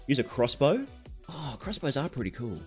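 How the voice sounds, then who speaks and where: A man's voice: medium pitch, very animated, normal speed, faint music behind. A young Australian man with a sore throat chatting casually on a game stream, reading out chat and answering it.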